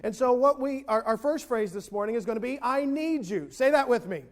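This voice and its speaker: Male pastor, fairly high voice, relaxed conversational sermon with congregation responses. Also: brisk. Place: church sanctuary.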